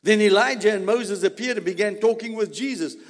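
A male preacher giving a sermon, putting animated rhetorical questions to his congregation. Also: high-pitched, brisk. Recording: long reverb of a large hall.

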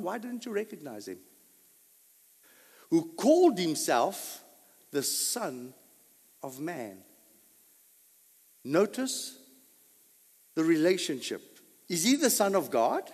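A man preaching a sermon as pastor, full of rhetorical questions and sudden loud bursts. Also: sits high. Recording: long hall reverb.

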